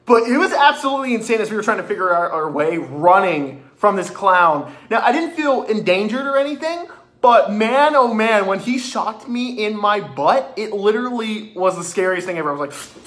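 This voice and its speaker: Speaking at a moderate pace, a high-voiced, excitable young vlogger gives a casual, excited review of a haunted attraction, cursing and restarting as he animatedly recounts what happened.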